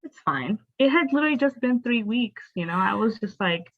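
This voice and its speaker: A woman's voice: on the high side, brisk. Frank young woman telling her story. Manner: expressive, frank, fillers of "like". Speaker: podcast guest. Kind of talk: candid personal storytelling. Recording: dull, dry, lo-fi sound.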